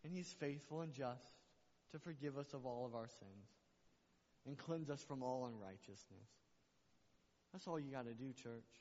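A man's voice: mid-range voice, moderate pace, pauses often, darkish tone. A man preaching a sermon to his church, passionate and repeating phrases for emphasis. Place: church sanctuary. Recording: muffled recording with long hall reverb.

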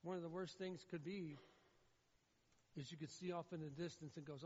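A man preaching a sermon as pastor, swinging between loud, pleading emphasis and low, somber passages. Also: steady tone, moderate pace, a little hiss or hum. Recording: dull, muffled sound with long hall reverb.

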